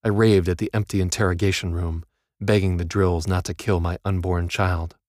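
A man narrates a first-person audiobook in a very deep, low voice. His reading is grim and wry, and the close, dry recording has no room echo. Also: little pitch movement, moderate pace, darkish tone.

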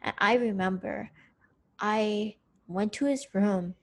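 A young adult woman co-hosting a podcast, telling a personal story in a candid, profane, animated way. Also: mid-range voice, moderate pace. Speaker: podcast co-host. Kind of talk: casual storytelling chat.

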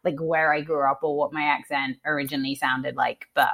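A woman's voice: low voice, little pitch movement, fairly quick, vocal fry, fairly bright tone. A woman from London with an accent mixing British, Northern English and Australian sounds, chatting casually as a podcast guest and laughing often. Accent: mixed British, Northern English and Australian. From England (London). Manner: chatty, laughs often, acts out quoted voices. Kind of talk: casual interview chat.

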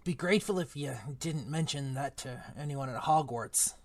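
A podcast reader voicing a big, gruff male half-giant gamekeeper in a book club read-aloud, with rough country speech and loud bursts. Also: medium pitch, moderate pace, no room sound, close to an everyday voice. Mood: rueful chatty.

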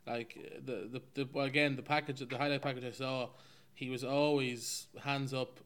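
A man's voice: medium pitch, little pitch movement, moderate pace, fairly bright tone. A man leading a casual rugby chat, enthusiastic and asking questions.

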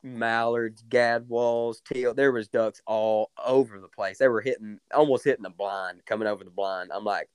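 Young man, duck guide type, low smooth voice, dry close sound, excited drawling storyteller. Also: normal speed, hardly any pauses, no room sound. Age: young adult. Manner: drawling, excited, many fillers and repeats. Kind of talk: casual storytelling.

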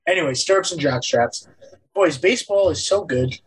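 A man's voice: a little high, animated, normal speed, slightly rough, poor audio. A young man hosting a casual sports podcast, teasing and sarcastic with his co-hosts. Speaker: podcast host.

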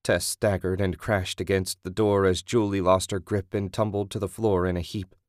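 Low-voiced man narrating horror. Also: little pitch movement, normal speed, no room sound, clean studio sound. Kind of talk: scripted horror audiobook narration.

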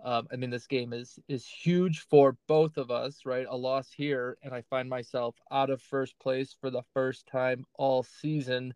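A man's voice: mid-range voice, flat delivery, measured pace, hardly any pauses, a little mellow, clear, resonant tone, dry recording. A man co-hosting a fantasy football podcast, talking in a casual, hedging way and often tagging "right?" onto his points. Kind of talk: casual chat.

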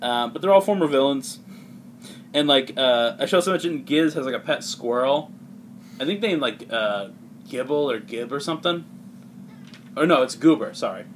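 A man's voice: medium pitch, expressive, normal speed, long pauses, slight background noise. A man casually recapping a comic for friends, rambling with lots of filler words. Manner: rambling, heavy use of "like", laughs often. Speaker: podcast host recapping a comic. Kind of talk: casual chat.

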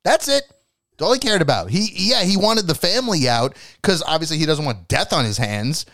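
A man chatting casually on a podcast panel, ranting with lots of swearing and acting out lines in a hushed voice. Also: a little high, very animated, brisk, no echo, studio quality. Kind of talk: casual chat.

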